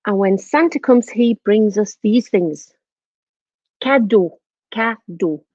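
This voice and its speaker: A woman teaching French words to children in an online lesson, repeating each word in a lively, sing-song way. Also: fairly high pitch, unhurried, no echo, dull audio.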